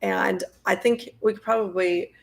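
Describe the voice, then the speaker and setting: Woman host, friendly chatty live-stream intro, gravelly fry. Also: medium pitch, fairly even intonation, unhurried. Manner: friendly, chatty, many fillers. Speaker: host and nonprofit president.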